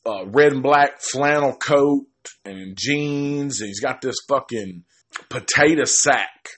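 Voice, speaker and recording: A man casually retelling a horror film's plot, rambling and swearing constantly, often stopping to restart a sentence and tossing in the characters' lines as quick quoted asides. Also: medium pitch, fairly bright tone. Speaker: film reviewer. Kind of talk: casual profane film recap.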